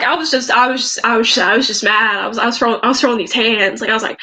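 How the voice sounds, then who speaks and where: A woman's voice: sits high, very animated, quick pace, few pauses, pushed and bright, a little hiss or hum, rough recording. A teenage girl vlogger telling a story in a rambling, agitated way, with many restarts. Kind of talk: storytime vlog.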